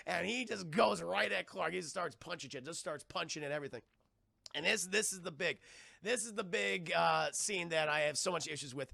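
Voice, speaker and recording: A man's voice: a little high, creaky, sharp tone, no echo, studio quality. A man streaming a casual, profane scene-by-scene film recap and talking to his chat.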